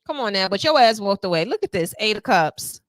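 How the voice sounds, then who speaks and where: A woman's voice: mid-range voice, lively intonation, brisk, no echo. A woman giving a tarot reading to her viewers, sassy and playful, full of slang and little acted-out quotes. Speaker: tarot reader.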